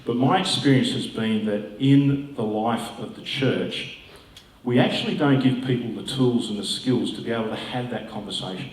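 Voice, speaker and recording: A man's voice: mid-range voice, moderate pace. A man, a pastor giving a conversational talk with musing asides. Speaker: pastor and guest speaker. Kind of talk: informal talk to an audience. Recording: roomy hall, distant mic.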